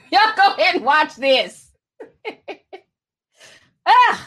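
A woman's voice: high-pitched, big pitch swings, slow pace, pushed and bright. A woman giving casual gossip commentary, blunt, sarcastic and profane. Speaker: commentary vlogger.

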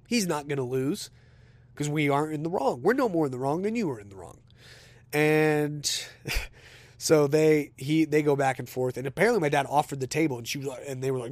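A man hosting a podcast, telling a story in a casual, animated way and acting out the dialogue with some indignation. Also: on the high side, no echo. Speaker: podcast host.

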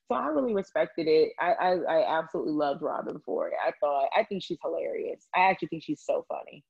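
A low-voiced woman from Maryland dishes gossip on a podcast, laughing often. Her voice is husky and breathy. The recording sounds dry and dull, like lo-fi audio. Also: lively intonation, fast talker, few pauses. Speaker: podcast host. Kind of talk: casual chat.

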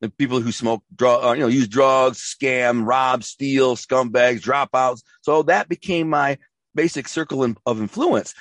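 A man's voice: medium pitch, a little slow, fairly bright tone, no echo. A man being interviewed, telling his life story in a rambling, emphatic way with slang and restarts. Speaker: interview guest.

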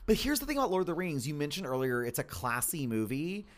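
A man's voice: a little high, very animated, fast talker. A man co-hosting a podcast in casual chat, talking in a chatty way full of filler words. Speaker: podcast co-host.

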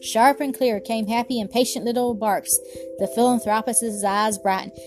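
A woman reads a storybook aloud in a steady, measured way. Her voice sits fairly high, and quiet music runs faintly underneath. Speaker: narrator. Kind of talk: storybook narration.

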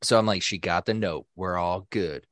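A young adult man co-hosting a podcast, telling a story in a casual, animated way, swearing freely and acting out what other people said. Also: low voice, moderate pace, dry recording, clean studio sound. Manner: animated, profane, acts out quoted people. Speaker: podcast co-host.

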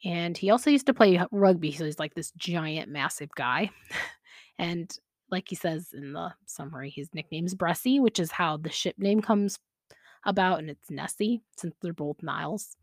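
A woman's voice: lowish voice, normal speed, dry recording, clean studio sound. A woman hosting a podcast, chatting casually with frequent laughs and fillers. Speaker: podcast host. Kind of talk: casual chat about fan fiction.

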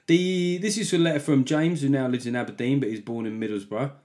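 Man, podcast host, casual solo monologue, sarcastic, rambling, mid-pitched voice. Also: steady tone, a little fast, a little mellow. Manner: rambling, jokey and sarcastic, laughing at his own tangents.

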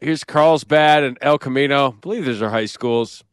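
A man co-hosting a sports podcast, setting up clips with animated, joking storytelling. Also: medium pitch, moderate pace, smooth, no room sound, clean studio sound. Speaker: podcast co-host. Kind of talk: casual chat.

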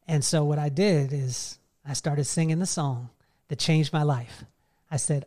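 A man's voice: on the high side, normal speed. A man giving a live keynote talk, telling a personal story earnestly and speaking straight to his audience. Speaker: motivational speaker.

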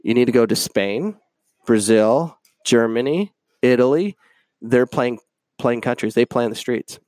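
A man's voice: medium pitch, lively intonation, a little slow, a little mellow, no echo. A man hosting his own show, delivering an opinionated, emphatic rant full of fillers. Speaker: podcast host. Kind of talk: casual rant.

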